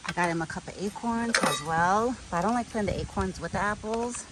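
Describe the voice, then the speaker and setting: A woman chatting casually to camera outdoors while feeding a pet deer, cooing to it in soft baby talk. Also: medium pitch, brisk, few pauses. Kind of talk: casual outdoor vlog chat. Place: outdoors in a windy yard. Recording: faint wind and outdoor noise.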